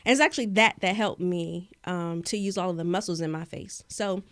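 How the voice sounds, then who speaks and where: Articulate woman with crisp diction. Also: fairly low pitch, fairly quick, no echo, studio quality. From Maryland, USA. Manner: animated storyteller, clear careful diction. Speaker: guest, public speaking coach. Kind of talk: casual interview chat.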